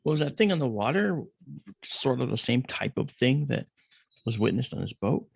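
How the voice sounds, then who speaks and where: A man's voice: medium pitch, very animated, normal speed, gravelly, breathy edge, no room sound, studio quality. A middle-aged man as a podcast guest, telling a story in casual conversation and acting out the voices of the people in it.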